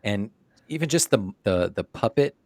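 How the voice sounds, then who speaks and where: Lively low-voiced man, dry sound. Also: dry recording. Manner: animated, quick agreeing interjections. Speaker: podcast co-host. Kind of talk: casual film discussion.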